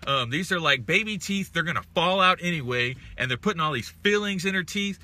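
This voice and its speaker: Bright-voiced man ranting on a live stream. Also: fairly high pitch, lively intonation, brisk, few pauses. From Texas. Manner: profane, ranting, greets viewers. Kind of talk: casual live stream chat.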